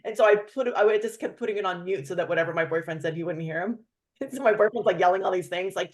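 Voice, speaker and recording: A woman hosting a casual chat, telling a story with lively, acted-out quotes of other people. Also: lowish voice, quick pace. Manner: animated storyteller, acts out quoted voices. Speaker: host.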